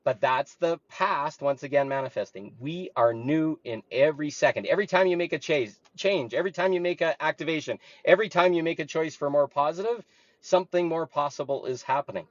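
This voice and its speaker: A spiritual talk host coaches listeners through a reflective monologue, speaking earnestly and with emphasis. His voice is a little high and fairly quick, captured in a dull, lo-fi, dry recording with no echo.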